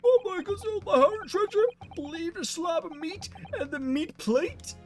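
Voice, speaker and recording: A shrill, quavering old man wails over his missing treasure in an exaggerated, swooping voice, as a game streamer puts him on. Faint music plays behind him. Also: lively intonation, normal speed. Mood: shocked. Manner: wailing, exaggerated dismay. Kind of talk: reading game dialogue aloud with voices.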